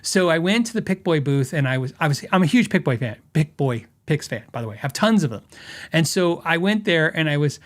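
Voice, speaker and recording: High-voiced rambling male podcast host. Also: expressive, fairly quick. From western United States. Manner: rambling, laughs often, restarts sentences. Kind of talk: casual podcast storytelling.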